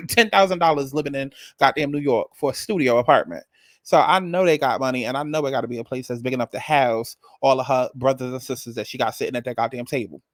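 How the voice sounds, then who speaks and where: Sassy, animated man recapping reality TV. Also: fairly high pitch, dry recording. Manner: animated, sassy, profane, repeats phrases for emphasis. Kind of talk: casual recap commentary.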